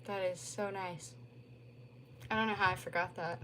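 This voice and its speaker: A woman's voice: fairly low pitch, steady tone, normal speed, fairly bright tone, a little hiss or hum. A young woman chatting casually on a livestream from home into a phone, rambling and filling her talk with "like". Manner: rambling, lots of "like" fillers. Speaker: streamer.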